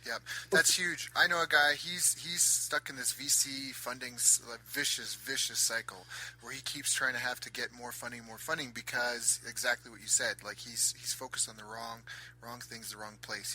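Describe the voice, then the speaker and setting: A man hosting an interview, chiming in with quick short agreements. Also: medium pitch, steady tone, pushed and bright, slight background noise, poor audio. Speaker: podcast host. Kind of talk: conversational interview.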